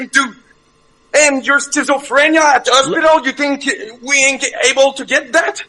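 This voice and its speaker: Very high, bright-voiced taunting man. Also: steady tone, normal speed, low-quality recording. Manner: taunting, swearing, laughing at the other. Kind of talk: heated voice-chat argument.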